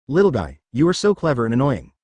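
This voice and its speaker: Male reader as a scheming ninja boss, blunt and persuasive, brisk with an animated line. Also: medium pitch, no echo.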